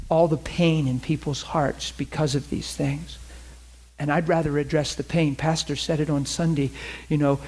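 A man's voice: on the high side, a little mellow. A middle-aged man preaching a sermon in a conversational way, acting out quotes from his own story.

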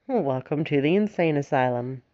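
A woman's voice: deep voice, lively intonation, normal speed. Giggly woman with a Southern twang. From Alabama, United States. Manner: giggly, swears freely, self-mocking. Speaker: podcast host. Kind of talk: casual monologue. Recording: slightly dull lo-fi recording.

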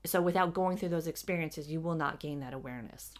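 A woman channeling spiritual teaching, speaking as a collective "we" in a measured, explanatory way. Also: low-pitched.

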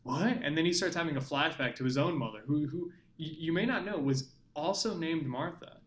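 A man's voice: on the high side, fairly quick, fairly bright tone. A young man co-hosting a podcast in casual chat, sarcastically retelling scenes. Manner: sarcastic, mocking retellings with frequent laughing. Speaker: podcast co-host. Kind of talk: casual movie-review chat.

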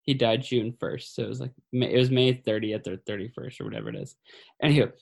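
Gravelly man telling a sad story. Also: mid-range voice, steady tone, darkish tone. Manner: halting, full of fillers and restarts; somber, grieving. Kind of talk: personal storytelling.

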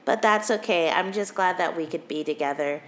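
A woman's voice: fairly low pitch, a little fast, a little hiss or hum. Giggly rambling woman in her thirties. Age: 30s. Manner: giggly, rambling, lots of fillers and restarts. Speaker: podcast co-host. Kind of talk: casual chat.

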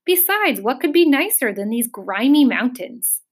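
A woman voicing a filthy, cackling male bird who interrupts and twists every word, in a shrill, shrieking audiobook character voice. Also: big pitch swings, unhurried, slightly rough, full character voice. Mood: quibbling, gleeful. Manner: quibbling, punning, interrupting.

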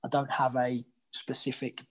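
A man's voice: medium pitch, completely flat delivery, normal speed, slight background noise. A man, a new dad and coach, talking casually with many fillers and restarts. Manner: rambling, hesitant, many fillers. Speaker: podcast co-host, coach. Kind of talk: casual chat.

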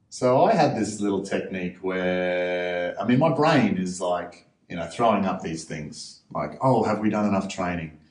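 An Australian man telling stories as a guest in a casual interview, animated and acting out other people's voices. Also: fairly low pitch. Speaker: podcast guest, freediver. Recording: roomy echo, distant from mic.

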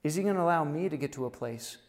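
A pastor with a slightly high voice delivers a sermon in a big room with a long reverb tail. He preaches conversationally, firing off rhetorical questions and chuckling at his own points. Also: expressive, fast, darkish tone.

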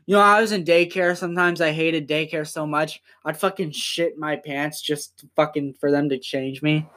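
Young man, raised pitch, casual home podcast, rambling, swears a lot. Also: fairly even intonation, moderate pace, a bit bright. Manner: rambling, profane, talks in bursts. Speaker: podcast host.

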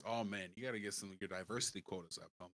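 A man co-hosting a podcast in casual chat, relaxed and slangy, laughing easily. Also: fairly low pitch, rapid-fire. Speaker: podcast co-host.

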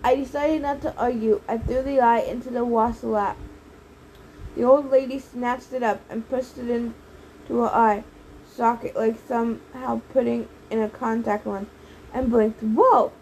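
A woman reads a story aloud with lively audiobook narration. Her voice sits high. A faint hiss runs underneath. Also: moderate pace, rough recording. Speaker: audiobook reader.

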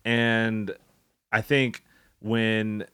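A man's voice: on the low side, little pitch movement, drawn-out words, bright, forceful tone, smooth, dry recording. A man co-hosting a podcast, goofy and rambling, laughing often as he chats casually. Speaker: podcast co-host.

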